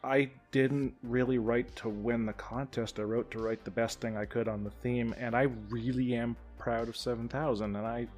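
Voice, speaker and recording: A man co-hosting a podcast in casual chat, joking wryly, swearing now and then and trailing off quietly. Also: medium pitch, fairly even intonation, moderate pace, hardly any pauses, soft background music. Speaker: podcast co-host.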